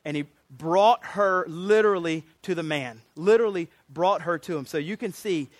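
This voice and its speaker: A man's voice: high-pitched, normal speed, no room sound. A man preaching a sermon as pastor, conversational and plain-spoken.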